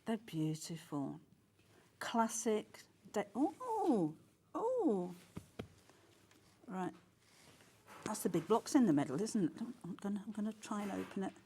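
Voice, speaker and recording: A woman presenting a live TV shopping show, excitable and quick to gasp and exclaim as items sell. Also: mid-range voice, slightly rough. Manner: excitable, gasping and exclaiming over sales. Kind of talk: live TV selling. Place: TV studio.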